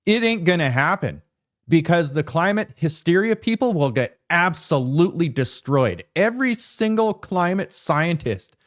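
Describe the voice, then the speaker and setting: Animated, ranting male commentator. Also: on the high side. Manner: emphatic, ranting, sarcastic asides. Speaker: political commentary host. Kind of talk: opinionated news commentary.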